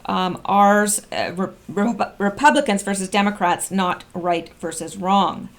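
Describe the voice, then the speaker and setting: A woman reading posts aloud slowly and commenting on them in casual chat, with frequent ums and restarts. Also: medium pitch. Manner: reads slowly and comments with fillers. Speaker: online commentator.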